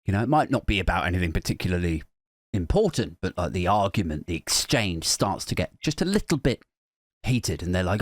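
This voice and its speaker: A man's voice: low-pitched, very animated, a little fast, no echo. A young man hosting a podcast, telling a comic, self-mocking story in a rambling way, with lots of "like". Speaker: podcast host. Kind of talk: comic monologue.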